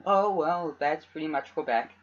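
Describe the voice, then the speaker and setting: A young man co-hosting a podcast in casual chat, wisecracking and quick to laugh. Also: fairly high pitch, a bit bright, highs cut off. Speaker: podcast co-host.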